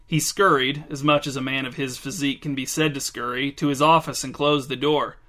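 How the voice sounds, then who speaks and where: A man narrating a written story in a dry, measured, deadpan way. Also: medium pitch.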